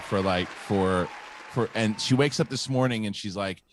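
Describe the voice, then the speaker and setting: A middle-aged man hosting a casual chat show, telling a story in a halting, rambling way with many restarts. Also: lowish voice, animated, some chatter behind, slight background noise. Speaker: host.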